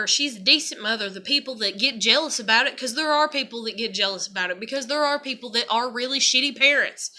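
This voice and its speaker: A woman's voice: sits high, pushed and bright. A woman in an angry personal vlog rant, swearing and repeating furious rhetorical questions. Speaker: vlogger.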